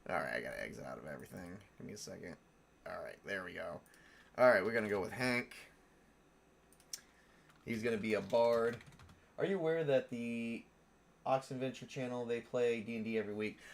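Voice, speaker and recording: A man's voice: on the low side, a little fast, vocal fry, long pauses. Rambling man thinking aloud. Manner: self-correcting, answers viewer questions. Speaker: streamer building game characters. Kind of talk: casual live-stream chat.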